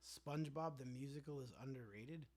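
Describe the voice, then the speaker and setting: A man's voice: mid-range voice, a little fast, darkish tone. A man hosting a casual livestream, answering viewer comments in a sarcastic, rambling way. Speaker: livestream host.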